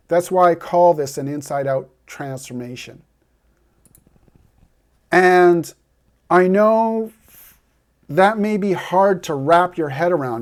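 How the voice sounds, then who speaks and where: A man speaking straight to the viewer as a heartbreak coach, earnest and persuasive, giving a motivational talk. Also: fairly high pitch. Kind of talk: direct-to-camera motivational talk.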